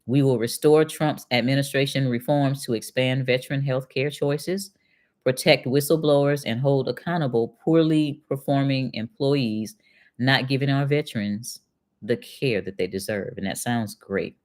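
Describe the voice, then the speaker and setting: A middle-aged woman, a retired accountant who hosts her own channel, speaks in a bass voice that's slightly mellow, at a moderate pace. In her casual commentary she reads passages aloud, then responds with pointed, conversational questions to her viewers.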